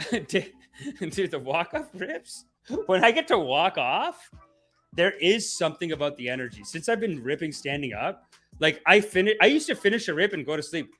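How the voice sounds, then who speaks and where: Comedy podcast host, man, lively rambling slangy delivery, bright tone. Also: a little high. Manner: animated, rambling, slangy, often laughing. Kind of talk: casual comedy livestream chat.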